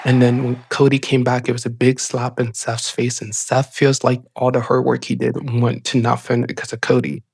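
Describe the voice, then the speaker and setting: A man hosting a casual recap show, talking in an excited, rambling way full of "like" fillers. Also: medium pitch, moderate pace, vocal fry, few pauses, a little hiss or hum. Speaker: show host. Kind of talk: casual wrestling episode recap.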